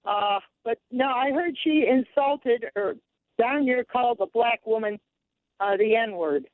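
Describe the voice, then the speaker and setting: A man's voice: very high voice, unhurried, dry recording. A man calling in to a radio talk show, talking in a chatty, indignant way. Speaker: caller. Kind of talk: call-in radio chat. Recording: tinny phone line.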